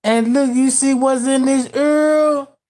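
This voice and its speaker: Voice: high-pitched, steady tone, slow, a little mellow. A commentator talking to viewers in casual video commentary, emphatic and profane, using street slang and addressing the audience directly.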